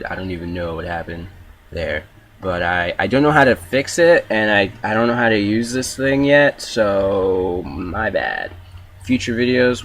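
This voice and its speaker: A man's voice: fairly low pitch, a bit bright, a little hiss or hum. A young man giving casual, profane play-by-play commentary over his own gameplay video.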